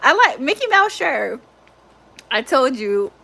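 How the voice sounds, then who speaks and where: A woman's voice: high-pitched, big pitch swings, slow, vocal fry, bright, forceful tone. A young woman hosting a livestream, chatting casually and animatedly, laughing often and swearing freely. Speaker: livestream host.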